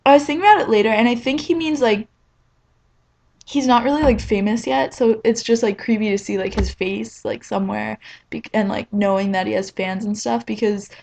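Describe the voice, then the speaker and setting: Young woman vlogger, chatty, rambling, self-mocking, slightly high voice. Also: gravelly, darkish tone. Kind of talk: casual storytime vlog.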